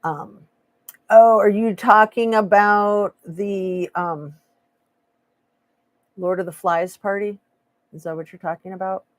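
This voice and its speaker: A woman's voice: mid-range voice, steady tone, takes it slowly, pauses often. A woman hosting a casual true crime live stream, sarcastic and opinionated, reading chat aloud. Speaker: true crime commentary host.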